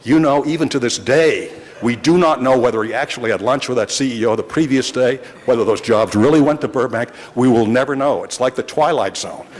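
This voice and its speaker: A man's voice: medium pitch, brisk, few pauses, big-room sound. A man in his sixties, a longtime reporter, telling rambling, wry anecdotes to a city council in a large chamber. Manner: rambling, wry, with frequent restarts. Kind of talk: anecdotal storytelling.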